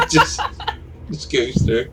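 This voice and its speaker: A man's voice: on the high side, huge pitch swings, extremely slow, heavy background noise. Rambling man running a tabletop game. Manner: loose, rambling with fillers. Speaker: game master.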